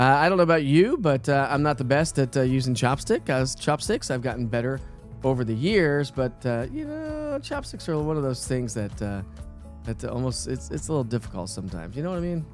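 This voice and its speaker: A man's voice: medium pitch, big pitch swings, normal speed, faint music behind. A middle-aged man, hosting a casual morning weather show in a chatty, rambling way with lots of fillers. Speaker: TV weather forecaster.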